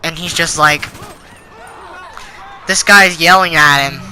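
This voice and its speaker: A man's voice: a little high, fairly even intonation, slow, pushed and bright, slight background noise, poor audio. A teenage boy telling a school story in an indignant, rambling way, full of fillers. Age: teens. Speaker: channel host. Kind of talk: storytime rant.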